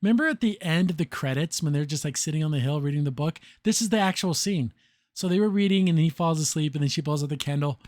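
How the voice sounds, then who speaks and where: Male podcast host, slightly high voice, casual rambling recap, does quick character voices, dry close mic. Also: dry recording. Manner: animated, acts out characters' lines in quick put-on voices; filler-heavy, restarts often. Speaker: podcast host reviewing a cartoon.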